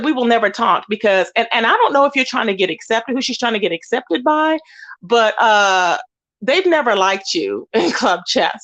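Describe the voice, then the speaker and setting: A woman's voice: mid-range voice, a bit bright. A woman hosting a livestream, ranting indignantly and emphatically while greeting chat viewers. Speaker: livestream host. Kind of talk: heated livestream rant.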